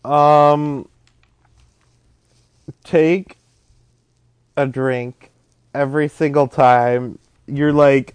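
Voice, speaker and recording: A man's voice: fairly high pitch, steady tone, drawn-out words, pauses often, clean tone. A young man co-hosting a casual movie chat, making dry, wry remarks about the plot. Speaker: podcast co-host.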